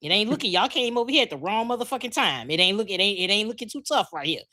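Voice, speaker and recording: A woman's voice: medium pitch, animated, fast, sharp tone. A woman co-hosting a podcast, delivering a brash, profane comedic rant full of repetition. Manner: brash, profane, repeats herself. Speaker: podcast co-host.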